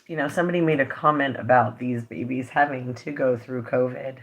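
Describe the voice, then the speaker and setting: A woman's voice: rumbling low, a little fast, few pauses, highs cut off. A woman vlogger talking straight to her viewers, earnest and impassioned, emotional and holding back tears. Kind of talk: direct-to-camera vlog update.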